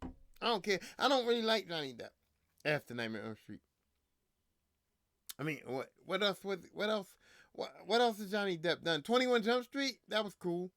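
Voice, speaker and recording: A man's voice: high voice, animated, moderate pace, long pauses, fairly bright tone, dry recording, studio quality. A man hosting a podcast, ranting in casual, profane, slangy talk, repeating himself, a little drunk. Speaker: podcast host.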